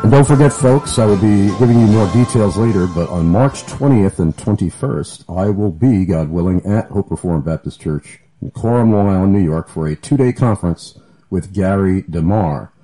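Radio host guy, lowish voice, chuckles a lot, easygoing chat. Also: normal speed, warm tone, soft background music. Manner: jovial, laughs often, fumbles for papers. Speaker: radio talk show host. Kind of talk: call-in radio talk.

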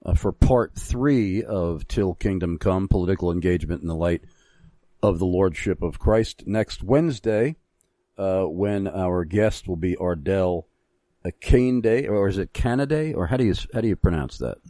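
Deep-voiced man hosting a Christian talk show. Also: dark tone, dry recording. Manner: measured, halting, frequent pauses. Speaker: radio show host.

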